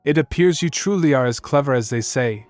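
A man's voice: mid-range voice, lively intonation, a little fast, darkish tone, faint music behind, natural voice. A man voicing an aloof young sorcerer. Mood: wry. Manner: dry, polite and slightly mocking. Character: aloof, smirking young male master sorcerer.

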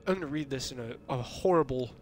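A man's voice: mid-range voice, fast, darkish tone, soft background music. A young man giving casual, jokey let's-play commentary, chatting to himself as he plays. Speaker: gaming video creator.

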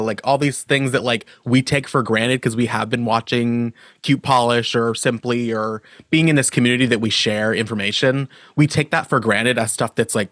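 Man, podcast host, mid pitch, casual filler-heavy chat, dry close mic. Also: no echo. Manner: relaxed, conversational, many fillers.

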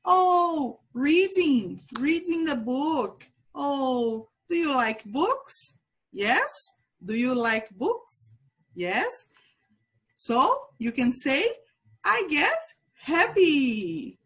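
A woman teaching English to young children, with a Brazilian Portuguese accent, speaking in slow, exaggerated, sing-song teacher talk with lots of repetition. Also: sits high, sing-song, a bit bright, breathy edge. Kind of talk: children's language lesson.

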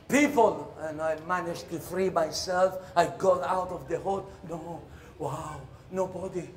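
Male stage performer, comic monologue, high voice, lively acting. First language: Italian. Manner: animated storytelling, jumps into shouted voices and laughter.

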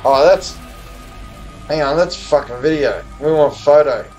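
Soft background music plays as a man with a high-ish, darkish voice streams gambling live from a hotel or home room abroad. He's had a few beers, so he slurs a little while chatting and swearing to viewers at normal speed.

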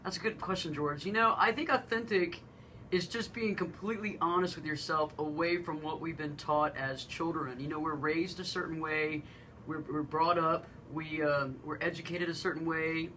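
A woman with a low, deep voice and a bright, forward tone, chatting on a radio talk show. She tells stories with animated energy. A faint hiss sits under her voice. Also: normal speed, low-quality recording. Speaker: radio co-host.

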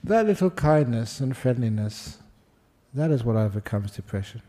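A man's voice: mid-range voice, animated, moderate pace, dark tone. A monk giving a humorous dharma talk, jokey and self-deprecating, laughing at his own jokes. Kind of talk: humorous spoken sermon.

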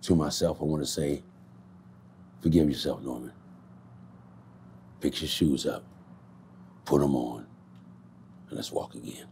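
A man in a candid street interview, speaking in a low-key, reflective way and swearing freely. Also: measured pace, gravelly, long pauses, mellow, a little hiss or hum.

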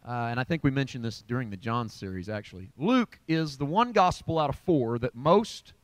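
A man's voice: mid-range voice, expressive, moderate pace, no room sound. A pastor teaching a midweek Bible study in a conversational, emphatic preaching style, often restarting his sentences. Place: church.

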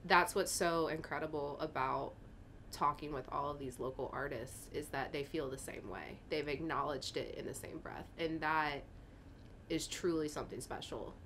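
Low-voiced young woman, candid and rambling. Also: moderate pace, a bit bright, slight background noise. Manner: candid, emotional, rambling with fillers. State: tearing up. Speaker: interview guest. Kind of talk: casual interview talk.

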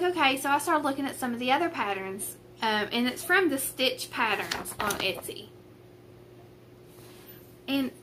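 Seated at her table at home, a craft vlogger with a rural Southern accent rambles to a tripod camera and ring light about her cross-stitch work, teasing herself along the way. The young woman's voice is fairly high and sharp, with a little hiss or hum.

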